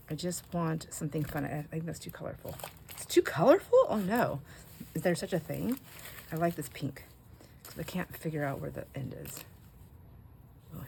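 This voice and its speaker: A middle-aged woman with a low, gravelly voice chats casually while she crafts in her home craft room. She rambles from story to story and often drops into soft, almost whispered asides. A faint hiss of noise sits under the recording. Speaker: craft vlogger and grandmother.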